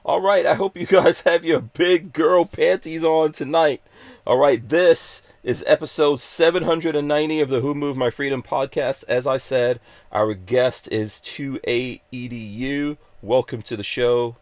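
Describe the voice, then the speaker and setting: A man's voice: fairly high pitch, fairly even intonation, a little slow, no echo. Joking, upbeat male podcast host. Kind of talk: casual live-stream chat.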